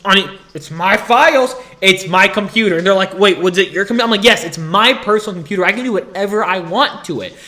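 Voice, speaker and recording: Animated ranting young man. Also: high voice, fast, few pauses. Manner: animated complaining, acts out dialogue. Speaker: student vlogger. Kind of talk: comedic rant to camera.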